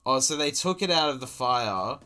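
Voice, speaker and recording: A man's voice: medium pitch, lively intonation, normal speed, bright, forceful tone, clear, resonant tone, soft background music. A man with an Australian accent giving a profane, exasperated running commentary as a streamer reacting to a video. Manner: exasperated, sweary, incredulous.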